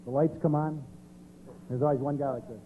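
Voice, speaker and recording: A man's voice: fairly high pitch, fairly even intonation, fairly quick. A man doing stand-up with conversational storytelling, often asking the audience questions. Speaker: stand-up comedian. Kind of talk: stand-up routine. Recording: tinny, noisy 90s TV recording.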